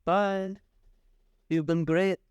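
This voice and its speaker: Smooth-voiced joking young man. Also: high-pitched, no echo. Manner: joking, quick deadpan quips. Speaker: podcast co-host. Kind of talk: casual chat.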